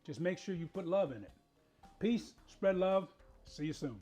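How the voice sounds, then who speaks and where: Brief: man, cooking show host, folksy and relaxed, warm mellow tone, light music underneath. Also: sits high, moderate pace, highs cut off. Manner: folksy, relaxed, talks to viewers at home. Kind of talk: casual cooking demonstration.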